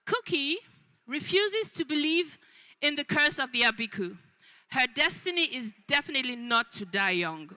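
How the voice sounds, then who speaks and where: Woman, children's author, high and sharp-toned voice, book fair talk, lots of ums and restarts. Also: rough recording. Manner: unscripted, frequent ums and restarts.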